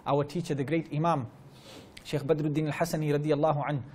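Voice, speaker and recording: This man, an Islamic teacher addressing a religious gathering, talks fast in a fairly high, darkish voice whose intonation stays fairly even. He tells stories with earnestness, repeats important phrases, and recites Arabic verses fluently, over slight background noise.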